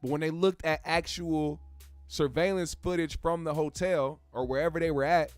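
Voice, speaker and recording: Male host, high voice, blunt profane commentary over faint music. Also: steady tone, moderate pace, dry recording. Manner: heated, blunt, swears a lot, slangy. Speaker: show host.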